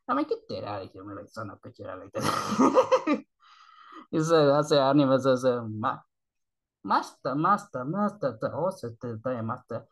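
A man from Japan who speaks English with a Japanese accent as a second language. He rambles through casual reaction commentary, halting, repeating words and swearing often. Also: a little high, low-quality recording. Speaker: YouTube reactor.

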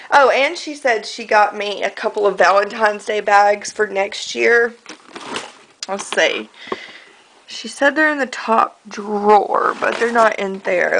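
A woman's voice: fairly high pitch, a bit bright. A young woman rambling casually to the camera in a daily home vlog, with lots of ums and likes. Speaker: vlogger. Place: indoors at home, walking between rooms. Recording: echoey room, faint background noise.

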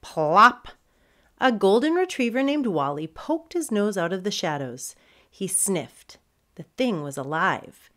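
Expressive woman author reading aloud slowly. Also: medium pitch. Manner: warm storyteller, expressive. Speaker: children's book author. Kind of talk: reading a chapter book aloud.

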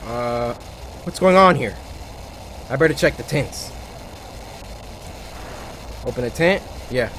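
A man's unhurried gameplay commentary, kept low and hushed while he explores. His pitch swings widely, jumping into high panicked shouts at each scare. Steady game noise sits under the voice. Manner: hushed low muttering that breaks into loud panicked yelling. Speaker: gaming YouTuber. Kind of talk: horror game let's play commentary.

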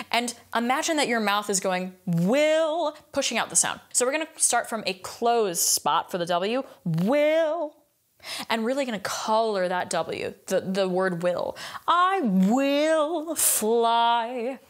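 A young adult woman giving a singing lesson as a vocal coach, explaining a point and then singing it to show how it sounds. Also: medium pitch. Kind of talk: singing lesson with sung demonstrations.

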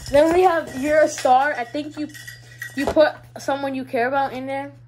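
Female, high voice, hyper, giggly, rambling, casual show-and-tell vlog, faint background noise. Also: steady tone, moderate pace, darkish tone, rough recording. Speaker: toy collector vlogger.

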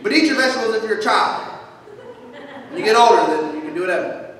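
A man preaching a sermon as pastor, animated and humorous, swinging between shouts and quiet asides. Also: high-pitched, fast talker. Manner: humorous storytelling. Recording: echoey hall from far off, faint noise.

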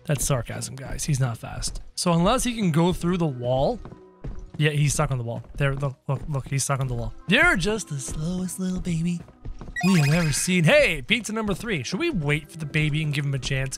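A man commentating a game he is playing, with excitable, exaggerated reactions and playful chatter. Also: fairly high pitch, fairly quick, faint music behind. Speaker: gaming channel host.

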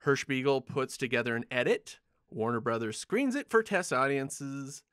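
A man's voice: medium pitch, expressive, moderate pace, fairly bright tone, smooth, dry recording, studio quality. A man hosting a podcast, casually walking his co-hosts through the history of a film production and laughing often. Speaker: podcast host. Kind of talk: casual chat.

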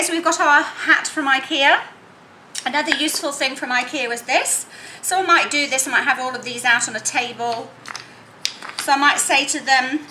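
A woman teaching phonics, sounding out words slowly in separate sounds and playing with toys. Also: sits high. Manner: animated and playful with children's toys. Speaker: literacy teacher. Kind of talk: teaching demonstration. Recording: echoey room, faint noise.

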